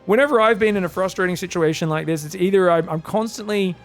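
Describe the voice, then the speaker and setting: Male esports caster, high voice, excitable and jokey, faint music underneath. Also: fast. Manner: excitable, jokey, rambling asides. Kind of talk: live game commentary.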